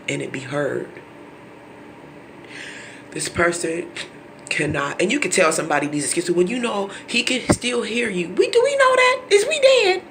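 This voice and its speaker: A vlogger delivers an impassioned, pleading, preachy monologue to his viewers, often sinking to a hushed near-whisper and stumbling over repeated words when emotional. His voice is on the high side and creaky, over a noisy background.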